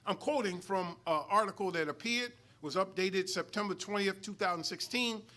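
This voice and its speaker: A man's voice: sits high, moderate pace, pushed and bright. A middle-aged man from New York, a student minister teaching a sermon-style study lesson, swelling into emphatic peaks and calling out to the congregation. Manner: preacherly, rising emphatic swells and call-outs to the congregation. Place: mosque hall.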